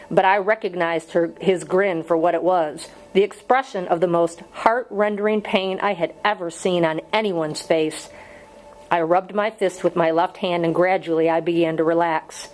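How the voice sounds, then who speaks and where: A woman narrating a novel chapter aloud in a steady, measured reading voice. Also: lowish voice, low-quality recording. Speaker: audiobook reader. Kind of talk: audiobook narration.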